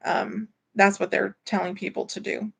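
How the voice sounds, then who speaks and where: Chatty woman with a gravelly, creaky voice. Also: mid-range voice, level tone, normal speed, a bit bright. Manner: rambling and chatty, with many fillers. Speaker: live stream host. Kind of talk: casual live stream chat, reading viewer comments. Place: at home, indoors.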